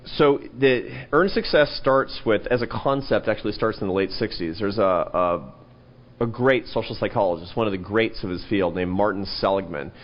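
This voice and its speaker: A man in an interview, an animated storyteller who jumps up in pitch when quoting people. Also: moderate pace. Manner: animated storyteller, rises sharply in pitch for quoted lines. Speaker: interview guest, think-tank president. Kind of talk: conversational interview. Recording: dull lo-fi event recording.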